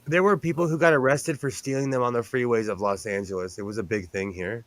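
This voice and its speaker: A man's voice: medium pitch, steady tone, quick pace, no echo. A man hosting a casual chat while sewing, rambling and telling stories with animation. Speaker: host.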